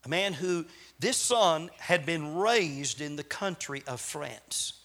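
A visiting male preacher delivers his sermon in a high, bright, ringing voice. He swings between loud, insistent appeals and soft, hushed asides. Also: lively intonation, slow pace. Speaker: traveling preacher.

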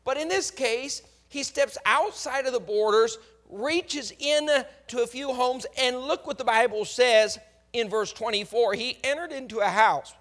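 A man preaching a sermon, swinging between hushed lines and emphatic, acted-out pleas. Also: very high voice.

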